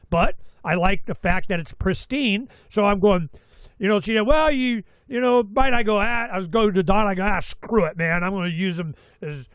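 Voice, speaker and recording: Casting: middle-aged male talk host, high voice, dry close mic, animated rambling storyteller. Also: dry recording. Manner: animated storytelling with quoted asides and mild cursing. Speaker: radio show host.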